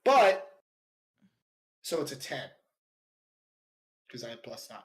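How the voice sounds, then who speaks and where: A man at a casual tabletop game, at an everyday middle pitch. He slips into pompous in-character speeches, stumbling and restarting as he goes. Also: very animated, slow, a bit bright. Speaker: player.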